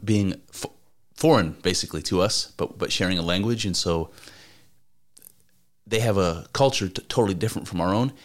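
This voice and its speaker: A man with a very low voice chats casually on a podcast. He rambles through his stories, swearing and restarting his sentences as he goes. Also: a little fast. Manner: rambling, profane storytelling with many restarts. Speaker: podcast co-host. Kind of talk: casual chat.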